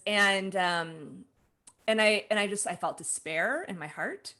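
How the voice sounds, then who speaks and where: In an unhurried, medium-pitched voice, a forty-something author being interviewed recounts something that happened to her. She's animated and laughs as she dramatizes her own earlier thinking.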